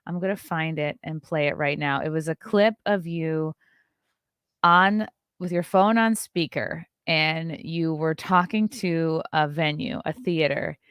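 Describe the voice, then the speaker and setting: A woman hosting a podcast in a casual, joking chat with quick asides and self-mocking remarks. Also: low-pitched, fairly bright tone, clean tone, no room sound, clean studio sound. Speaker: podcast host.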